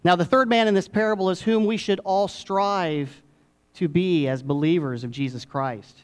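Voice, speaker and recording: Middle-aged pastor preaching with dramatic pauses. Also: male voice, sits high, clean tone. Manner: dramatic pauses, swings between hushed and emphatic. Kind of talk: sermon.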